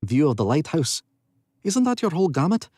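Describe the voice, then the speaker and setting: A man voicing a gruff adult man with a thick Scottish accent in an audiobook reading. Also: fairly high pitch, big pitch swings, moderate pace, dark tone, no room sound, clean studio sound, pitched above the performer's own voice. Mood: challenging. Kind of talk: audiobook narration playback. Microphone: studio booth mic.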